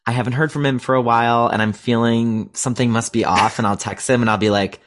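A man's voice: medium pitch, fairly even intonation, fast, fairly bright tone, a little hiss or hum. Earnest man co-hosting a chat. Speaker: co-host. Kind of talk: casual chat.

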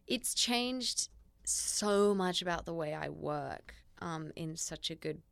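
A woman's voice: deep voice, lively intonation, slow pace, vocal fry, fairly bright tone, clean tone, dry recording. A young woman with an Australian accent, chatting as a guest in an interview, full of "like" fillers and restarts. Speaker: guest actress. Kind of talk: casual interview chat.

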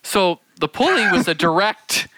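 A man's voice: high voice, very animated, moderate pace, bright, forceful tone, slight background noise. A man co-hosting a podcast, telling a funny story among friends, laughing and acting out the people he quotes. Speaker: podcast co-host.

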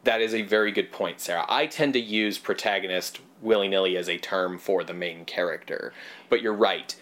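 A man's voice: low voice, normal speed, a bit bright. A man co-hosting a podcast, chatting casually and at length about films, rambling and swearing now and then. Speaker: podcast co-host. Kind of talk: casual film discussion.

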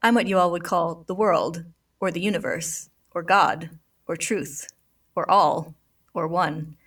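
A woman voicing a featureless white cosmic being that talks in a cheerful, calm and mocking way. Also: on the low side, unhurried, breathy edge, far from the mic.

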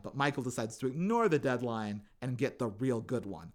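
Male podcast co-host, casual recapper, animated storyteller who voices quotes. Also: mid-range voice, moderate pace, hardly any pauses. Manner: animated retelling, acts out quotes in funny voices. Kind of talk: casual chat.

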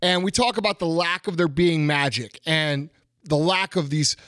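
A middle-aged podcast host with a somewhat high, slightly bright voice delivers a blunt, profane motivational rant at normal speed, hammering home the same phrases again and again. The recording is dry with clean studio sound.

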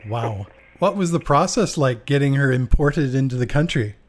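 A man in a mid-range voice puts prepared questions to a guest in a measured, steady way. His reactions stay short. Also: mid-range voice, noisy background. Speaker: interviewer. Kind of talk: interview questions.

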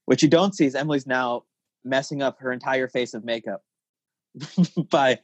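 A man hosting a casual podcast chat, joking and animated, laughing often. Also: mid-range voice, moderate pace, no room sound. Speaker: podcast host. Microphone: podcast mic.

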